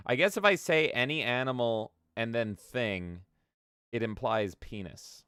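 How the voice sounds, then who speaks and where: A man's voice: mid-range voice, unhurried, pushed and bright, clear, resonant tone, dry recording, clean studio sound. A man co-hosting a casual gaming podcast, joking crudely and reading chat messages aloud. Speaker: podcast co-host.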